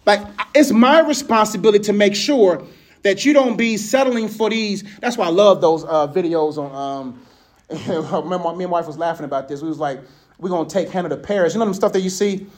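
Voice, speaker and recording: A man giving a casual sermon, telling stories in an animated, conversational way and laughing often. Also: high voice, brisk, a little hiss or hum. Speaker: speaker.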